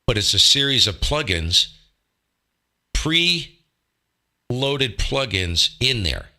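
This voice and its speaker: A man with a rather low but strikingly bright voice hosts a laid-back radio hobby live stream. He talks close to a desk microphone, wandering through his thoughts with rhetorical questions and a self-deprecating streak. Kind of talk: casual live-stream talk.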